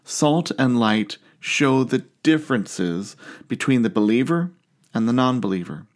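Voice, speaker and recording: A man's voice: mid-range voice, animated, a little slow. A middle-aged man preaching a sermon as pastor, earnest and conversational, with asides and questions to the congregation.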